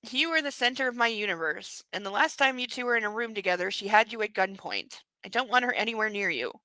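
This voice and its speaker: A cold, curt, controlling husband speaks with a bright, forceful edge, as a woman reads him aloud from a novel. His lines come out close and dry, with no room sound. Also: medium pitch, animated, fast, dry recording, rough recording. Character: controlling, jealous rich husband, man.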